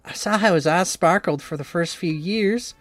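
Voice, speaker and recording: A man's voice: high voice, normal speed, no room sound, soft background music, lightly acted. A man voicing a cheerful young woman trainer who is anxious about her cooking, reading a visual novel game in an earnest, rambling, self-doubting way.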